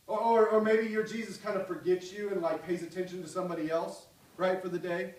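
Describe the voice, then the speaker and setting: Male pastor, higher voice, impassioned sermon, echoey hall, a little off the mic. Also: a little fast, distant mic. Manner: impassioned, swinging from loud cries to soft pleading.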